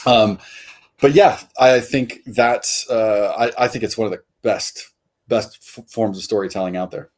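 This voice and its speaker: A man's voice: lowish voice, unhurried, darkish tone. A man, a comic artist guest, chatting casually in an interview and rambling with many fillers and restarts.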